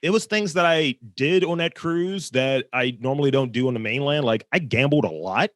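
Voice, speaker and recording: A man's voice: medium pitch, expressive, moderate pace, no echo. Joking, loose-talking man, dry sound. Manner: loose, joking, profane storytelling. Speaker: podcast guest. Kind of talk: casual chat.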